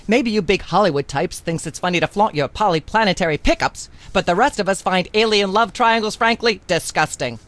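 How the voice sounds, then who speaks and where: A woman's voice: mid-range voice, fairly quick, few pauses, fairly bright tone, dry recording, natural voice. An actress playing a pompous, lecturing older female talk show host in a game. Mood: indignant. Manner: haughty, lecturing, scolding.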